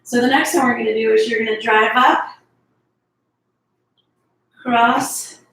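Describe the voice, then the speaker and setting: Woman fitness instructor, bright voice, encouraging, chatty, echoey room, away from the mic. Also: on the high side, steady tone, a little slow, distant mic. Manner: encouraging, chatty, breathy between sets. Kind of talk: workout instruction.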